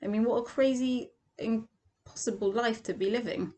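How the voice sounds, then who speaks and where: A woman's voice: on the high side, moderate pace, darkish tone. A woman teaching a Torah lesson as a vivid second-person story, acting out the quoted lines.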